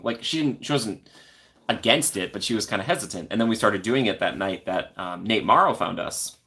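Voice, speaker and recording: A man's voice: lowish voice, lively intonation, fairly quick, bright, forceful tone. A young man hosting a casual live stream from the corner of his apartment, chatting in a friendly, rambling way and reading out viewer comments.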